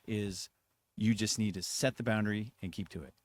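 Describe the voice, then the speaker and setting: A man's voice: on the low side, fairly even intonation, moderate pace, no room sound. A man hosting a comedy podcast, talking earnestly and plainly about parenting in casual chat. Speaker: podcast host.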